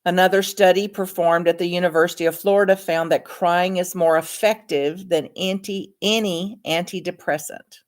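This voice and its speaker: A woman, an author and counselor, reading aloud from her own book in a calm, measured, earnest way. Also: fairly low pitch.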